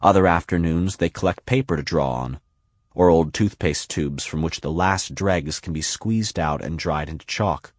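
A man reading scripted literary narration in a measured, unhurried, deliberate way. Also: low-pitched, no echo, studio quality. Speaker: audiobook narrator.

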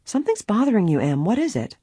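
A woman's voice: medium pitch, big pitch swings, racing, dark tone, slightly rough, dry recording, voice pushed up. A woman reading aloud voices a direct young woman detective, curious and urging as she asks. The sound is dry and close with a faint husk.

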